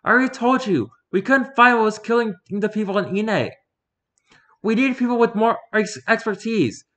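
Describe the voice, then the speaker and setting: A man's voice: high voice, moderate pace, pushed and bright, pitched above the performer's own voice. A man voicing a tough female agent who speaks with urgent, pleading insistence. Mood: insistent. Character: fierce female agent, woman in middle age.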